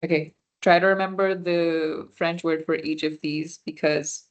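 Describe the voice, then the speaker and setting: Unhurried and steady, a young woman with a low voice instructs a beginner French workshop. She comes from a Punjabi background, explains patiently, and checks that the students have understood.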